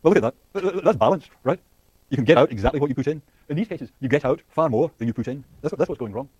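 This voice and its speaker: Fast-talking male lecturer, dark and husky. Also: on the high side, lively intonation, no room sound, lo-fi sound. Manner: rapid, thinking aloud with frequent fillers and restarts; asks the class questions and laughs lightly. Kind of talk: university lecture.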